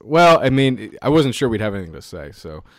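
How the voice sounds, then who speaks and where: A man in his thirties co-hosting a podcast, talking in an animated, opinionated way. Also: medium pitch, brisk, no echo, clean studio sound. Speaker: podcast co-host. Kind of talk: casual opinionated chat.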